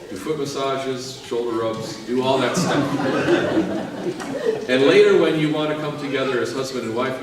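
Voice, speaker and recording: A male priest preaching a sermon, lively and joking as he urges the listeners on. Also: medium pitch, noisy background. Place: large church. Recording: echoey church from far off.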